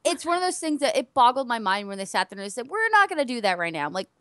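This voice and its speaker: Animated woman co-host, lively pitch. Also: racing, dry recording, clean studio sound. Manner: animated, loud exclamations. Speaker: podcast co-host. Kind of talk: casual chat.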